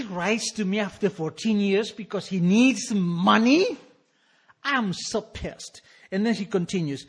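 A man in his sixties tells a personal recovery story with wry, emphatic humor. His voice is husky and sits fairly high for a man. He leans hard on the punchlines. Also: measured pace. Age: 60s. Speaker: speaker sharing a recovery story.

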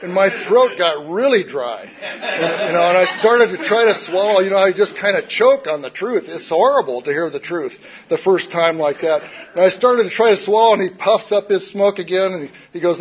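A recovery speaker with a high-pitched, expressive voice tells his personal story at normal speed, wry and self-mocking, rambling and frequently saying "you know." The dull lo-fi recording has a little hiss or hum.

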